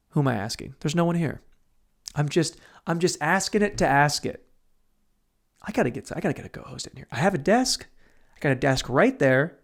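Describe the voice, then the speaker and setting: A man's voice: a little high, gravelly. A young man hosting a solo podcast from a room at home, rambling crudely and mocking himself, swearing freely as he talks to no one. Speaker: podcast host.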